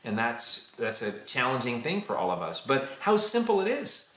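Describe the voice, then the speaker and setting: A man's voice: medium pitch, huge pitch swings, moderate pace, a bit bright, reverberant. A man preaching a sermon in an earnest, repetitive way, acting out prayers as he speaks. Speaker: pastor.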